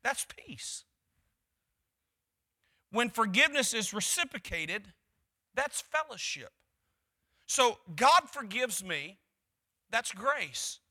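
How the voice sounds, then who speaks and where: A pastor preaching to his congregation in a high, strikingly bright voice. He presses his points by repeating short phrases and letting his delivery climb. It is a man's voice, steady in sermon cadence. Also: takes it slowly, long pauses.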